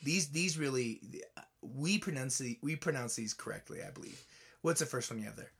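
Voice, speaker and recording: A man's voice: mid-range voice, animated, fairly quick, creaky, fairly bright tone, husky. A young adult man with a Californian American accent, chatting casually and laughing easily as a podcast host. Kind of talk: casual chat.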